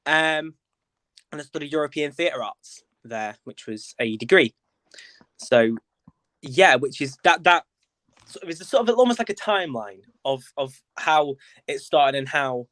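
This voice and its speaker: A young man from Lancashire, England, who acts and directs theatre, speaks at a measured pace and pauses often. His voice is fairly high and a bit bright, recorded with no echo. As a podcast guest in a casual chat, he describes his path into theatre playfully, with camp asides and many fillers.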